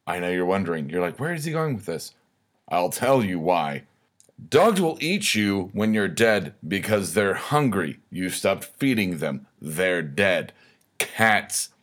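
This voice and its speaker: A man delivers a comedic rant at an unhurried, drawn-out pace. His voice sits on the low side, and he swears freely and leans into sarcasm as he wanders from point to point. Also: fairly bright tone. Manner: profane, sarcastic, rambling. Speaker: host of a weekly rant segment.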